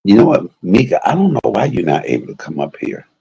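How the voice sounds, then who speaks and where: A man's voice: deep voice, huge pitch swings, quick pace, warm tone, highs cut off, slight background noise. A man hosting a casual livestream, chatting with viewers in a brash, joking way and cursing freely. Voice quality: gravelly and husky. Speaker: livestream host.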